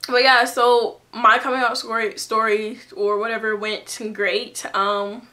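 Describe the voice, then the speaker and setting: A woman's voice: fairly high pitch, level tone, unhurried, bright, forceful tone. A young woman telling a personal story to her camera in a casual, chatty way, full of fillers and restarts. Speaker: vlogger.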